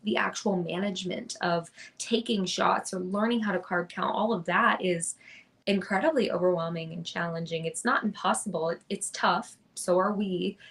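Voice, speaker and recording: A woman's voice: lowish voice, steady tone, moderate pace, gravelly, fairly bright tone. A young woman, a podcast guest, telling her story in an earnest, chatty way with lots of restarts. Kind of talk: casual interview storytelling.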